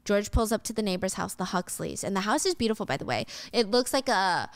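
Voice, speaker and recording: A woman's voice: medium pitch, expressive, brisk, no room sound. Chatty woman retelling a film plot. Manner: chatty, vivid scene-by-scene retelling. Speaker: host recapping a film. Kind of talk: casual storytelling recap.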